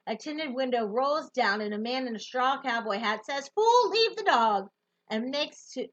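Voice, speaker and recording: Bright, expressive woman narrating a novel. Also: high-pitched, muffled recording. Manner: expressive, lively storytelling. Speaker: audiobook narrator. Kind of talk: first-person novel narration.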